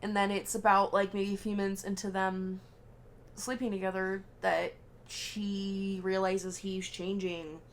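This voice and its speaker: A woman's voice: medium pitch, measured pace, slight background noise. Young woman animatedly retelling a film. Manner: animated retelling that acts out characters' lines, swearing freely. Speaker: podcast co-host. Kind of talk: casual chat recapping a film.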